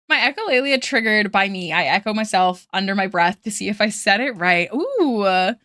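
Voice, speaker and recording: A woman's voice: medium pitch, animated, normal speed, bright, forceful tone, dry recording, studio quality. A woman in her thirties streaming while she draws, chatting casually and rambling, laughing often and quoting memes in put-on voices. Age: 30s. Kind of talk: casual livestream chat while drawing.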